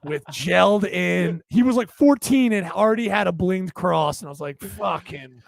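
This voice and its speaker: A man's voice: high-pitched, lively intonation, moderate pace, creaky. A man co-hosting a podcast, rambling through crude, swearing stories in casual banter. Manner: crude, rambling storyteller who swears freely. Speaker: podcast co-host.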